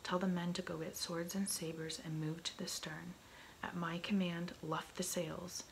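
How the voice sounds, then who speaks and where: A woman's voice: lowish voice, flat delivery, normal speed, creaky, slight background noise, low-quality recording. A woman voicing a resolute male English ship captain, giving firm orders in a whispered role-play.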